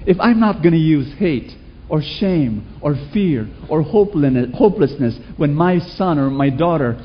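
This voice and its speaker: A man preaching a sermon to a congregation, animated, with rhetorical questions and sudden shouts. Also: on the high side. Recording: dull lo-fi recording.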